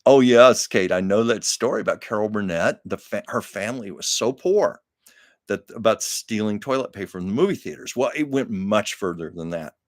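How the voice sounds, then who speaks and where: A man's voice: fairly low pitch, lively intonation, moderate pace, dry recording, clean studio sound. An older man hosting a live stream, chatting with viewers and telling stories in a casual, laughing way. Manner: chatty storytelling, laughs often. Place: Los Angeles.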